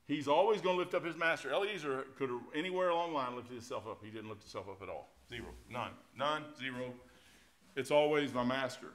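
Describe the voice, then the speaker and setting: A middle-aged man, preaching a sermon in a folksy, animated way, swinging between loud swells and quiet drops. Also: medium pitch. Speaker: pastor.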